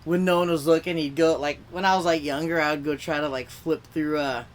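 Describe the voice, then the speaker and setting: A man's voice: on the high side, steady tone, a little fast. A young man doing a rambling stand-up set at an online open mic, heard over a video call, with many restarts. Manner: rambling, self-interrupting, lots of "like"; acts out quoted voices, shouting and whispering. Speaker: stand-up comedian.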